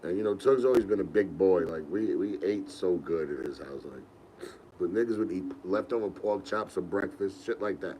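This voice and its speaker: A young man casually telling funny stories on a podcast, animated and slangy, laughing as he goes. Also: low-pitched, moderate pace, a little hiss or hum. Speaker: podcast host. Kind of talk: casual storytelling.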